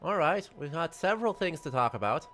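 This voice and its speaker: A chatty man hosting a game stream, rambling and poking fun at himself as he plays. His voice sits slightly high. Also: animated, brisk, fairly bright tone, a little hiss or hum. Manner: chatty, self-deprecating, rambling. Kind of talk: casual let's-play chat.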